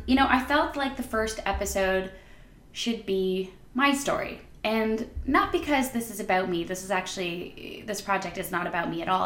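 A woman hosting a podcast, introducing the first episode in a bubbly, excited, emphatic monologue with a high, squeaky voice. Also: roomy sound. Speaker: podcast host.

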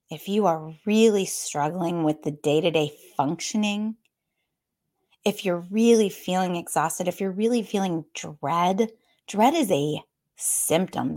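A woman who is a group fitness instructor, giving a candid, conversational motivational talk and speaking straight to her listeners. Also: lowish voice. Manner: warm, candid, addresses listeners directly as y'all; laughs between points, conversational.

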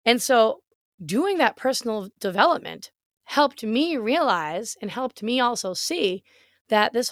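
A woman's voice: a little high, no echo, studio quality. A woman in her late thirties hosting a solo podcast, chatty and upbeat, often checking in with "right?". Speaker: podcast host and fitness coach. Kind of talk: casual solo podcast talk.

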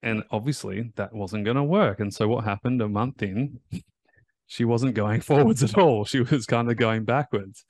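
A man's voice: mid-range voice, moderate pace, darkish tone, dry recording. A man hosting a podcast as a recovery coach, talking in an emphatic, motivational way and repeating his key phrases.

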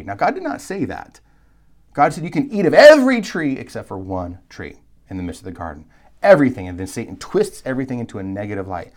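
A man with a fairly low voice teaches a live Bible course. He talks in an animated, emphatic way. His delivery is conversational, full of asides and quick restarts. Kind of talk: live recorded lecture.

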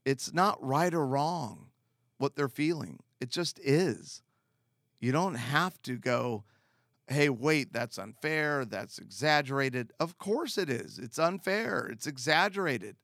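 A man speaking as a marriage counselor, giving calm, earnest and direct advice with repeated emphatic phrases. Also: fairly high pitch, slow pace, no echo, clean studio sound. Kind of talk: advice talk to camera.

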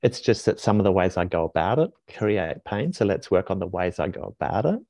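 In a dull, dry podcast recording, a man from Australia in his forties, a heart coach, teaches in a reflective, conversational way, earnest and often restarting. He speaks briskly in a low, warm voice with big pitch swings.

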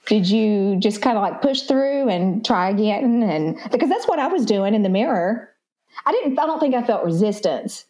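Southern woman psychotherapist guest, animated conversational storyteller. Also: medium pitch, normal speed. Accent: Southern American. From Southern United States. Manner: animated storyteller who acts out quotes. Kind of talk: casual podcast conversation.

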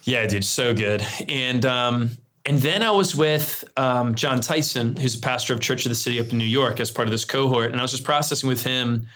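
A man's voice: medium pitch, brisk, few pauses. Male guest pastor, 30s, conversational storyteller. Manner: earnest storytelling, relaxed fillers. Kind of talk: conversational interview.

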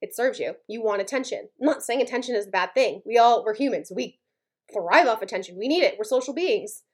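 Blunt, high-voiced woman podcast host. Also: expressive, fairly quick, slightly rough. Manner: blunt, emphatic, frequently asks "okay?" and "right?"; gets worked up, speaks with heated intensity. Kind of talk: motivational podcast monologue.

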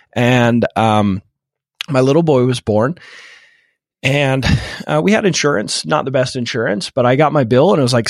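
A man's voice: mid-range voice, no room sound, clean studio sound. Earnest man telling a candid story. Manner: many repeated false starts, emotional and earnest. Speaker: podcast guest, real estate investor. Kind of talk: candid personal story in a podcast interview.

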